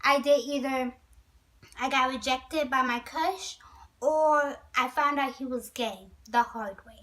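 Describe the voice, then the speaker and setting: A high-voiced woman vlogger tells a storytime in a chatty, animated way. She breaks off often to speak straight to her viewers. The mic sits a little away from her. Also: slow, recorded from a distance, rough recording. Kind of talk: storytime vlog.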